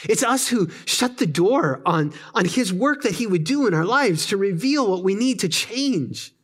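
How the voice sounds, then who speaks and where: A man preaching a sermon at a church service, impassioned, often sinking to hushed, intimate tones. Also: sits high, expressive, measured pace. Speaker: pastor.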